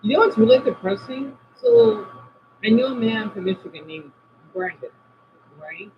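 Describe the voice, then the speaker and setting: A man talks casually to his live-stream viewers from home, his voice high and swinging widely in pitch. He answers comments one by one and lets his sentences drop away quietly. The audio is dull and lo-fi, with a faint background hiss. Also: wildly swooping pitch, moderate pace. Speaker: livestream host reading chat. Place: indoors at home by a window.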